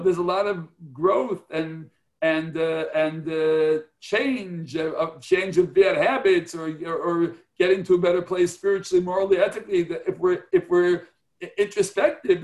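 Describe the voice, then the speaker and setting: Earnest high-voiced man teaching. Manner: earnest, explanatory, checks in with "right?". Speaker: teacher of a prayer class. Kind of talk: religious class lecture.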